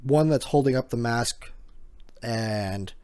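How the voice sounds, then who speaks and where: A man's voice: mid-range voice, slow, warm tone, clear, resonant tone. A man casually narrating a manga chapter recap, with chatty fillers and asides. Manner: chatty, chuckling, filler words.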